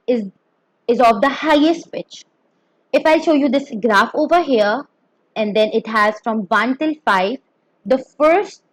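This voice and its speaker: A woman's voice: a little high, no echo, poor audio. A woman teaching a beginner Mandarin pinyin lesson, explaining carefully and demonstrating each tone.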